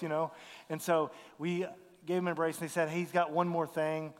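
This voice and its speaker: A man's voice: on the high side, level tone, brisk, in a large hall. A man, earnestly telling a mission story to a congregation, acting out the dialogue. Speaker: missionary speaker.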